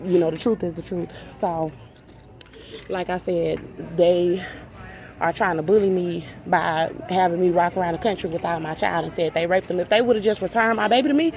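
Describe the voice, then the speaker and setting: A woman's voice: fairly low pitch, creaky, darkish tone. A woman in an agitated, rambling monologue to camera, profane and repeating herself. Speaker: vlogger. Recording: noisy background ambience.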